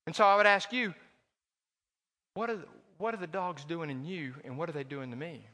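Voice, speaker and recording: A man's voice: high voice, expressive, a little fast, a bit bright, big-room sound. A man preaching a sermon as a pastor, in a conversational, joking manner full of personal stories. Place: church.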